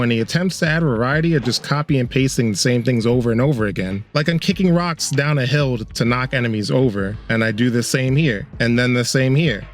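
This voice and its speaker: A man narrating a casual video game review, sarcastic and swearing often. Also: mid-range voice.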